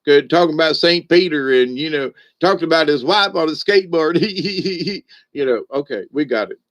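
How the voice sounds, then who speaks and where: A man's voice: on the high side, animated, normal speed, a bit bright. A man telling a joke and then reflecting on faith in a folksy, rambling way with many fillers. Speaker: speaker on spiritual lessons.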